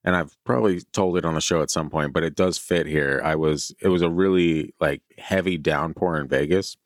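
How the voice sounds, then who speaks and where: A man's voice: extremely low pitch, a little fast, no echo, studio quality. A man co-hosting a podcast in casual chat, joking and rambling through a story with lots of fillers while chewing candy. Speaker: podcast co-host.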